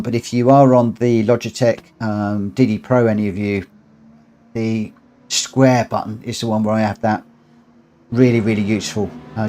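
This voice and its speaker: A man's voice: medium pitch, darkish tone, a little hiss or hum. A man hosting a live racing stream from his room at home, chatting casually and reading out race results. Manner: chatty, friendly, reads results aloud. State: out of breath. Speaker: streamer hosting online races.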